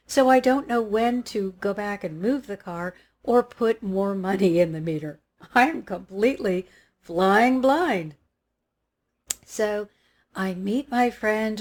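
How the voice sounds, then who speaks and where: A woman telling a personal story in a lively way, acting out what she and others said. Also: mid-range voice. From Los Angeles area. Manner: animated, acts out her own quotes. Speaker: spiritual teacher.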